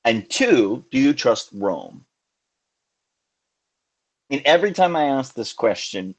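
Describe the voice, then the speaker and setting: A man's voice: medium pitch, sing-song, slow, long pauses, highs cut off. Earnest, musing man hosting a live show. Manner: earnest and musing, with many restarts. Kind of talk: casual live call-in chat.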